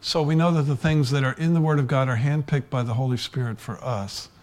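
A man preaching a sermon, building from low, even talk to loud fervor and at times dropping to a whisper. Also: fairly quick.

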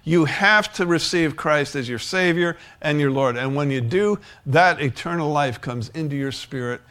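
A man's voice: fairly high pitch, moderate pace, fairly bright tone. A male pastor preaching a sermon in a conversational way, often restarting sentences and chuckling.

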